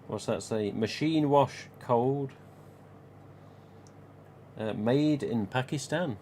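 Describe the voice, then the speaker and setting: Taking his time, a man with a medium-pitched, darkish voice hosts a live stream as a collector, chatting and rambling with plenty of chuckles. Slight background noise can be heard.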